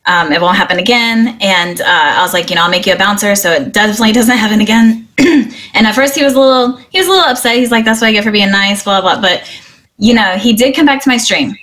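A middle-aged woman from Missouri with a medium-pitched, slightly bright voice chats as a guest streamer in a casual interview. She talks earnestly and cheerfully, giggling often and peppering her speech with "um" and "you know."

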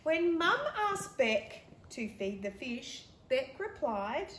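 A woman reading her own picture book aloud to children in a gentle, explaining manner. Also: medium pitch, expressive, takes it slowly, few pauses, roomy sound, slight background noise. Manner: gentle, explaining to young kids. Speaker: teacher.

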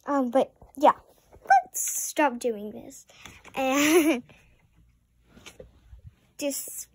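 A woman's voice: high-pitched, extremely slow. A preteen girl, rambling through a casual vlog with many apologetic asides. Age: around 11 or 12. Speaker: vlogger.

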